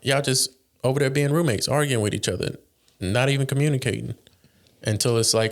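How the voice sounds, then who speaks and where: A man co-hosting a podcast in casual chat, telling animated stories, acting out quoted lines and laughing often. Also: medium pitch, brisk, a little hiss or hum. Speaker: podcast co-host.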